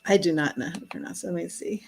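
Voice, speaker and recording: A woman's voice: lowish voice, fast talker, gravelly, low-quality recording. A woman hosting a live-streamed tarot reading, chatting casually, laughing often and reading card messages aloud. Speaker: tarot reader.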